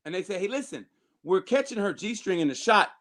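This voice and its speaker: A man telling a long, profane story in casual podcast chat, animated and full of restarts and acted-out quotes. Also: sits high, brisk.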